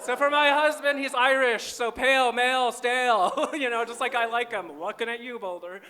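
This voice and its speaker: A man's voice: extremely high pitch, steady tone, a little fast, pushed and bright. A man from small-town Minnesota doing a live stand-up comedy set on stage, with wry, self-deprecating punchlines.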